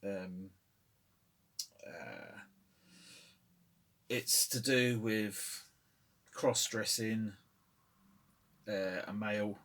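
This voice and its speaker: A man's voice: fairly low pitch, drawn-out words, long pauses, fairly bright tone. A middle-aged man hosting a casual opinion vlog. He rambles and hesitates, with many fillers. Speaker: channel host.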